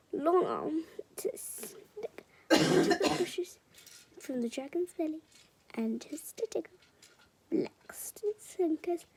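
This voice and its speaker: A woman reads a children's picture book aloud, often sinking into a whisper and stopping for chatty asides. Her voice is high with a gravelly edge. She takes it slowly, with a lively, swooping melody. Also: noisy background. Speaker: storyteller.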